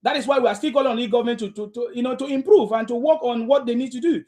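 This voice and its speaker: A man's voice: extremely high pitch, rapid-fire, mellow. A man hosting a heated live talk room, lecturing listeners in a repetitive, confrontational way.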